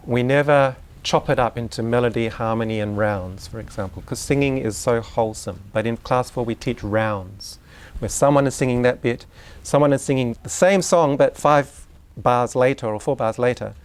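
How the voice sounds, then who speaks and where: A man giving a live lecture on education, talking in a conversational, unhurried way with asides and questions put to the audience. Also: medium pitch.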